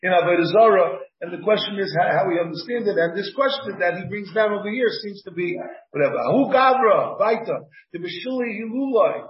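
A man's voice: sits high, animated, brisk, few pauses, a little hiss or hum. A man, a rabbi, leading a Talmud class, reading the text aloud and explaining it phrase by phrase. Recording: dull, echoey room from a distant mic.

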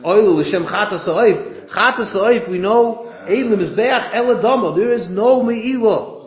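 A man talks through a Talmud passage with his study partners. He thinks aloud and slips into a singsong chant on the quoted text. The voice sits a little high, and the sound is dull and lo-fi, with a roomy echo. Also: a little slow. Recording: echoey room, dull lo-fi sound.

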